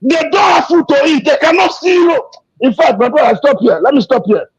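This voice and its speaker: A man giving an emotional, impassioned political rant, repeating himself and shouting in anger. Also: very high voice, brisk. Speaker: activist speaking to an interviewer. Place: abroad. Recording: dull lo-fi recording.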